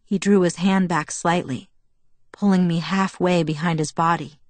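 A woman narrating a first-person novel in a steady, measured storytelling voice. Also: lowish voice, dry recording. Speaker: audiobook narrator.

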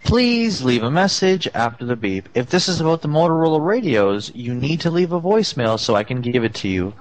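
A man voicing an automated voicemail system during a prank call, reading prompts in a slow, low monotone. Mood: robotic. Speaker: prank caller.

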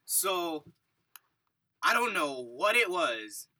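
A man with a high, very bright voice tells a story in an animated way, acting out other people's voices and tripping over his words. He sits a bit back from the microphone, and faint noise runs underneath. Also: extremely slow. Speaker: podcast co-host. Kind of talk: casual storytelling chat. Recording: distant mic with faint noise.

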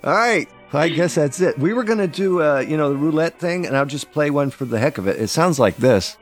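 A man's voice: a little high, lively intonation, fairly quick, faint music behind. A man hosting a podcast, chatting casually and teasing his co-hosts with jokes. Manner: teasing, joking banter. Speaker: podcast host. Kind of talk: casual chat.

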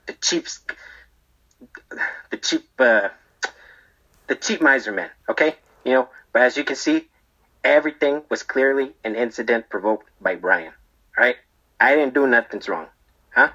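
Playing a barber in prison, a man delivers a comedic character monologue as a storyteller being interviewed, rambling defensively and checking in with "okay?" and "right?". His medium-pitched voice sounds bright and sharp over a dull, lo-fi recording.

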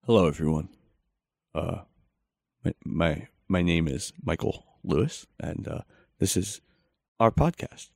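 Awkward, rambling gravelly-voiced man. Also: sits low, unhurried, pauses often, a little mellow, dry recording. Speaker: podcast co-host. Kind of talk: comedy sketch.

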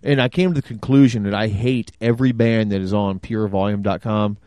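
A man's voice: on the low side, fairly even intonation, brisk, mellow, no echo, clean studio sound. A man hosting a podcast in casual banter, wisecracking and profane, rambling with plenty of fillers. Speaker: podcast host. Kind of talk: casual radio-style banter. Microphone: studio microphone.

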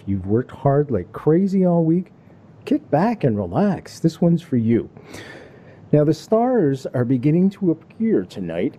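Canadian man, talk show host, very dark mellow tone, folksy and lively delivery. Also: medium pitch, breathy edge. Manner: folksy, animated, playful. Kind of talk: relaxed talk show hosting. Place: Kingston, Ontario.

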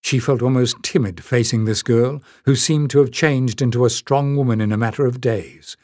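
A man giving a steady scripted reading of a fantasy novel as audiobook narrator. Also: medium pitch, normal speed, no echo, clean studio sound.

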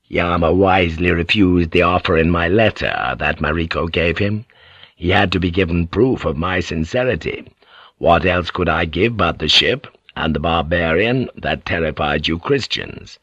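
A man reading a cunning warlord in a very low, measured voice. He sounds authoritative and calculating, and the close, dry read has no room sound. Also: a bit bright, no echo, heavily acted. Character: shrewd, commanding male feudal warlord.

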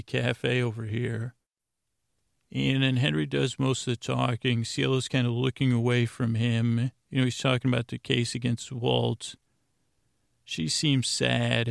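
A man's voice: mid-range voice, gravelly, no room sound, studio quality. A man hosting a podcast, casually recapping a TV episode in a rambling way with many restarts.

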